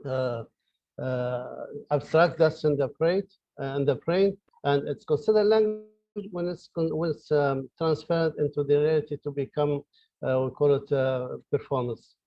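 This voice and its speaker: A man's voice: fairly high pitch, fairly even intonation, a little slow, no room sound. Man, online lecture, hesitant with fillers, dry lo-fi recording. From Libya. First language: Arabic. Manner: hesitant, many fillers and restarts. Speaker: professor lecturing. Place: his office.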